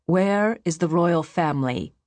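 A woman reading the lines of a stern, arrogant male high priest in an audiobook. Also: animated, a little slow, a little mellow, no echo. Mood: demanding. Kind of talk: audiobook character voice.

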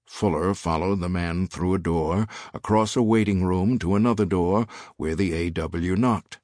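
A man narrating an audiobook in a measured, expressive reading style. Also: sits low, no room sound, studio quality. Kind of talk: scripted narration.

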